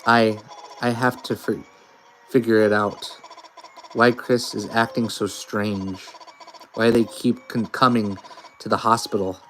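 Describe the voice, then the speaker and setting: A man's voice: fairly low pitch, level tone, slow, pauses often, fairly bright tone, slight background noise. A man voicing a nervous, timid teenage girl who stammers and hesitates. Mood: anxious brooding.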